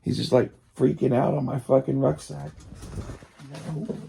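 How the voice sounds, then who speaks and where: A man's voice: medium pitch, little pitch movement, a little slow, creaky, mellow, a little hiss or hum. A man with a strained voice that he says he can barely talk in, rambling profanely in a casual monologue full of fillers.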